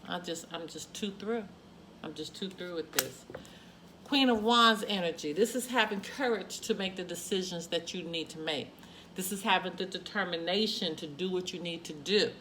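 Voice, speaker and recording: A woman's voice: mid-range voice, a bit bright, a little hiss or hum. A woman reading tarot cards for her viewers, emphatic and repetitive, with frequent exclamations. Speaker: tarot reader. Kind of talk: spoken tarot card reading.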